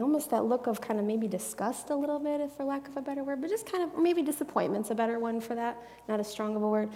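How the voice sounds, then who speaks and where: Woman Bible teacher, slightly high, gravelly and warm; earnest, chatty delivery in a reverberant space. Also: fast talker, hardly any pauses. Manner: earnest, chatty, drops into soft hushed asides. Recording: long echoey reverb.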